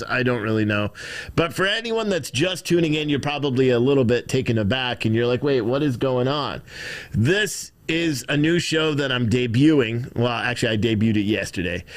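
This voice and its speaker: A young adult man hosting a live stream, talking bluntly and crudely, rambling with lots of fillers. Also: mid-range voice. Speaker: livestream host. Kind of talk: profane live-stream rant.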